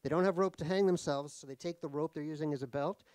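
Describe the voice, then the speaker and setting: A man's voice: fairly high pitch, quick pace, darkish tone, no room sound. Middle-aged new guy, author telling self-deprecating stories, lots of ums and restarts, dry close sound. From United States (New York). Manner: wry, self-deprecating, laughs at his own jokes; rambling, with many fillers and restarts. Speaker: author guest in a stage conversation. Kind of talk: comic anecdotal storytelling. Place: live talk at a cultural center.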